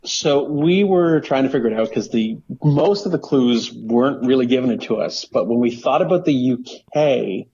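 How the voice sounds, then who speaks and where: A man's voice: mid-range voice, normal speed, few pauses, dark tone, lo-fi sound, a little hiss or hum. A man playing in a trivia game, chatting in a jokey, upbeat way. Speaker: trivia contestant. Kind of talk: casual chat.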